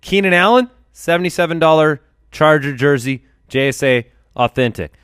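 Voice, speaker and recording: Male podcast host, smooth and clear, upbeat, dry close mic. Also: fairly high pitch, expressive, fairly bright tone, dry recording. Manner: upbeat, quick, lists items in bursts. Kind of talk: casual podcast chat and sponsor reads.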